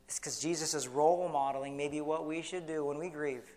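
A man preaching in church, earnest, often restarting, slowing down to stress key words. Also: on the high side, fairly even intonation, darkish tone, faint music behind. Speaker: pastor. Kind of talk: sermon.

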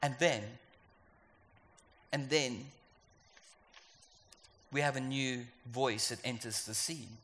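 A man's voice: medium pitch, takes it slowly, pauses often, fairly bright tone. A man preaching a sermon, stressing and repeating his key phrases. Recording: echoey hall with faint ambience.

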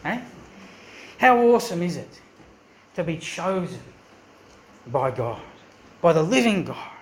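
Earnest preacher in echoey church. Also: male voice, a little high, very animated, unhurried, a little hiss or hum. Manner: earnest, emphatic preaching with rhetorical questions. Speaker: pastor. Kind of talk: sermon.

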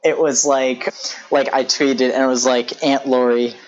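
A man's voice: mid-range voice, flat delivery, unhurried. A man, an author, casually telling a story in a chatty, self-deprecating way. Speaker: author guest. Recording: dull lo-fi audio.

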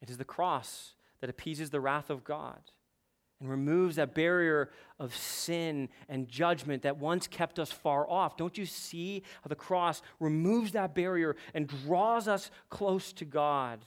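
A man's voice: a little high, measured pace. A male pastor preaching a sermon with impassioned emphasis that builds to strong peaks.

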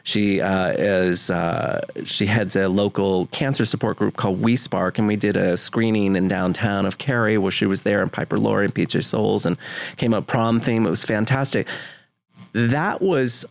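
Earnest low-voiced male guest. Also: steady tone, moderate pace, gravelly. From Vermont, USA. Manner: earnest, emotional storyteller, rambling with restarts. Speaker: guest, home video producer. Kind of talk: conversational interview.

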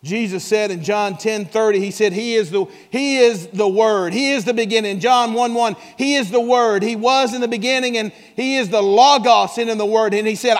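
A man preaching to his congregation in a notably high voice. He drops to soft asides, then climbs into shouted exclamations and calls for responses. The sound rings with a long reverb. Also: lively intonation, moderate pace, hardly any pauses. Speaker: pastor. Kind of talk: sermon.

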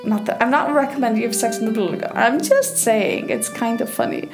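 A woman's voice: fairly high pitch, sing-song, quick pace, gravelly, few pauses, music in the background. A woman from Iceland, a sexologist chatting casually with laughs and fillers, recorded on a phone headset in her bathtub. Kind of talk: casual storytelling monologue.

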